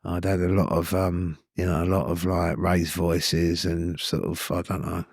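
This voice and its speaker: A man's voice: low voice, flat delivery, unhurried, creaky, darkish tone, breathy edge, dry recording, studio quality. A man, a podcast guest telling his story in a candid, rambling way with many "you know what I mean"s.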